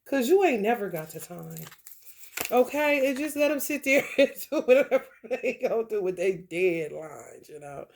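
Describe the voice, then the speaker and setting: A woman's voice: mid-range voice, big pitch swings, normal speed, vocal fry, darkish tone, a little hiss or hum. A woman giving a casual tarot reading who talks bluntly and profanely, repeats her phrases and laughs often. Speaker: tarot reader.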